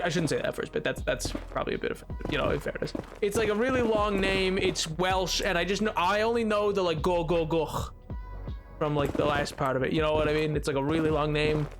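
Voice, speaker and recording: A man live-streaming a game, chatting casually with his viewers in a goofy, rambling, joking way. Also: sits high. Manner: goofy, rambling, jokey with chat. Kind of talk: casual live-stream chat while gaming. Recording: music playing behind.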